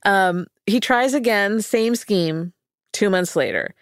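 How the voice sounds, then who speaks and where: A woman's voice: medium pitch, slow, clear, resonant tone, dry recording, studio quality. A woman co-hosting a podcast, retelling a crime story in casual chat, often laughing. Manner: giggly, animated retelling. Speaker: podcast co-host.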